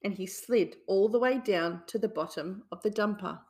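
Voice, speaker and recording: A woman reading a children's bedtime story aloud in a soothing, deliberate way. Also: medium pitch, a little mellow.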